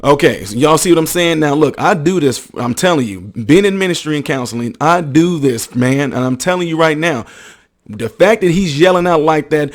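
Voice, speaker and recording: A man's voice: a little high, animated, normal speed. A man hosting a commentary video, talking emphatically, acting out quotes and checking that listeners follow him. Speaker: ministry counselor.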